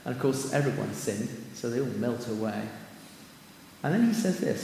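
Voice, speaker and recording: A man's voice: mid-range voice, sing-song, normal speed, creaky, dark tone, a little hiss or hum. Man preaching in an echoey hall. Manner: conversational, with fillers and asides, quoting scripture. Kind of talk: sermon. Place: church hall. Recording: echoey hall with long reverb.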